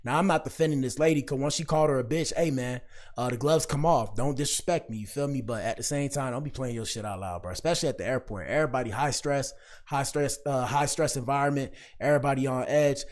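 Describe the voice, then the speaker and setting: A young man riffs on a video for his viewers in slang-heavy, preachy commentary. His voice sits at an ordinary pitch, and he keeps turning to the audience to make his point. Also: fast. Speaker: commentary streamer. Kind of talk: casual reaction commentary.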